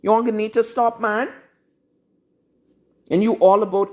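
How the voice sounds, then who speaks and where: A woman's voice: medium pitch, steady tone, normal speed, long pauses, a little mellow. A woman preaching a live-streamed sermon in a blunt, scolding, confrontational manner. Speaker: prophetess.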